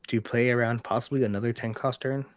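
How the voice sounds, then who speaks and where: A man's voice: mid-range voice, fairly even intonation, fast, no room sound. A man co-commentating a card game match casually, upbeat and agreeable as he explains the rules.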